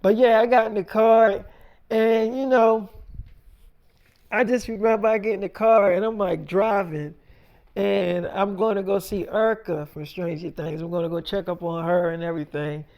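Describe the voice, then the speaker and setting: A man's voice: high voice, steady tone, normal speed, a little mellow. Rambling young man telling a story. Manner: rambling, full of fillers. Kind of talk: casual storytelling.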